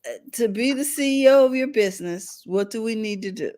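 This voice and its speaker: A woman interviewer who prompts her guest with short summaries and quick affirming replies. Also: fairly high pitch, a little mellow. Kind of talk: casual interview.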